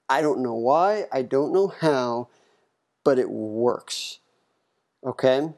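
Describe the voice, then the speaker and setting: A man's voice: medium pitch, lively intonation, takes it slowly, long pauses, a little mellow. A man hosting his own podcast, talking candidly and self-deprecatingly in a loose, casual way. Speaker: podcast host. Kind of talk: casual solo podcast talk.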